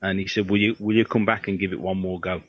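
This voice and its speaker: Middle-aged guest, guitar tech, rambling anecdotes, slips into quoted voices; dry, muffled audio. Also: male voice, low voice, level tone, fast talker, dry recording. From Birmingham, England. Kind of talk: casual storytelling interview. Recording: dry, slightly dull audio.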